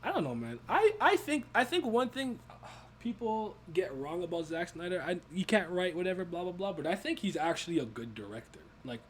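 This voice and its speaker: Animated young man hosting a chat. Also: sits high, fairly quick, slight background noise. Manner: animated, laughing, swearing slang. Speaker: podcast host. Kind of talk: casual movie review chat.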